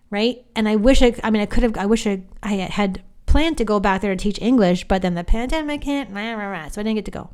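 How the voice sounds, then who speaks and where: A woman hosting a podcast, talking in a chatty, animated monologue, often restarting her sentences. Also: medium pitch, a little fast, hardly any pauses, smooth. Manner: chatty, animated, self-interrupting. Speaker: psychic podcast host. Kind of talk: casual monologue.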